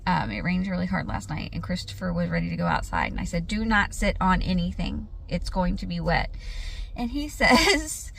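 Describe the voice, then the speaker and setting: Woman rambling through a family story, bright gravelly voice, laughs a lot. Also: lowish voice, big pitch swings, normal speed, slight background noise. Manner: chatty storytelling, laughs often, acts out quotes. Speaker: vlogger. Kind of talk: casual vlog chat.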